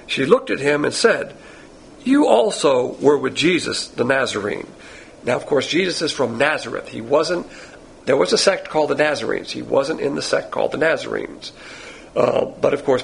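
A man's voice: a little high, creaky, a little hiss or hum, low-quality recording. Folksy man teaching a Bible class. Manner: folksy, digressive, conversational. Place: Bible class with listeners present.

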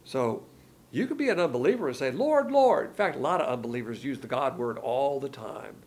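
A man's voice: mid-range voice, lively intonation, fairly quick. A man preaching a sermon, colloquial and emphatic, with slangy asides.

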